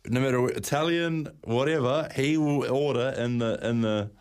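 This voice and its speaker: A man's voice: medium pitch, normal speed, darkish tone, clean tone. A New man who plays darts, chatting on the radio in a laid-back way and rambling with plenty of fillers. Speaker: studio guest, darts player. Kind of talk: casual chat.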